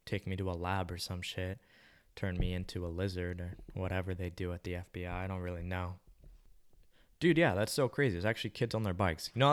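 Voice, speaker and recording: A young man with a very deep voice talks in a loose, rambling monologue. He muses aloud in a laid-back, slangy manner and swears casually as he drifts from thought to thought. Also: clean tone.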